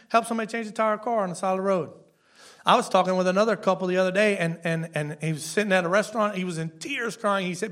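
A man's voice: sits high, sharp tone. A man preaching a sermon in an easy, conversational way, often restarting his phrases and asking the listeners "right?". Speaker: pastor.

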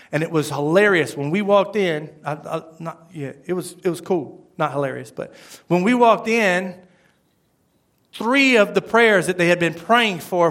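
A pastor with a lilt preaching in a high, lively voice. He acts out little dialogues as he goes and drops from loud bursts to near-whispers. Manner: animated, acts out quoted lines, swings from loud to hushed. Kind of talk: sermon.

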